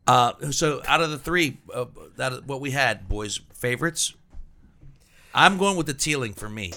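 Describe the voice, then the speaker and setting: Male podcast host, jokey questioner, gravelly, very bright voice. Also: medium pitch, animated, a little slow. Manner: jokey, asks lots of questions. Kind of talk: casual podcast chat.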